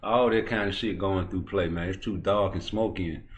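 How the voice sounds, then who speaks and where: A man hosting a YouTube boxing talk show, ranting profanely and swinging from low muttering to loud, heated outbursts. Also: steady tone, moderate pace, a little hiss or hum. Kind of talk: ranting commentary.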